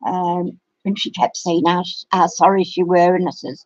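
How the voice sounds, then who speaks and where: A woman's voice: lowish voice, little pitch movement, moderate pace, a little mellow, no echo. Rambling woman, muffled. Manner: rambling storyteller. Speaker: craft channel host. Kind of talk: casual live-stream chat. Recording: dry, muffled lo-fi sound.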